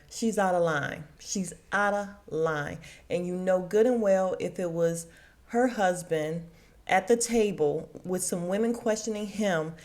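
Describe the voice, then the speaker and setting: A woman hosting a podcast, recapping a TV episode in a casual, blunt and opinionated way, swearing freely. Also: lowish voice. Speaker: podcast host.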